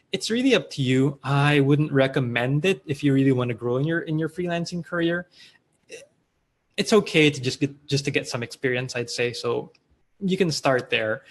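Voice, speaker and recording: A man with a Filipino accent hosting a casual live-stream Q&A, reading viewer comments aloud in a loose, chatty way with fillers and restarts. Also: medium pitch. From Philippines. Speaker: host of a live online Q&A.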